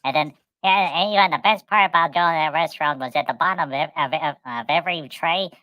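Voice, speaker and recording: A middle-aged woman telling a long, rambling story in casual chat. Her voice is fairly low but bright and forward. The sound is dry and close. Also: fast, no room sound, low-quality recording. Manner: rambling, animated, acts out voices. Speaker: co-host.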